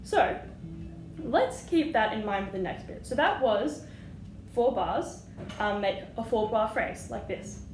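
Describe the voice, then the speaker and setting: A woman's voice: a little high, expressive, unhurried, soft background music. Encouraging woman flute teacher, echoey room. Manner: patient, encouraging, sings note rhythms. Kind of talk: music lesson. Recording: echoey room with audible noise.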